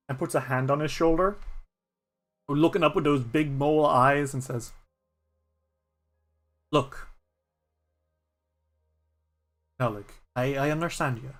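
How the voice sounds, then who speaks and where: A man with an Irish accent narrating a solo tabletop game as a streamer, in a loose, rambling way full of fillers. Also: mid-range voice. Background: music.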